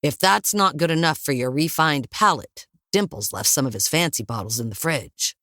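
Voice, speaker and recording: Woman putting on a gruff, dry-humored older father. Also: low voice, animated, normal speed, a bit bright, no echo. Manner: dry, teasing.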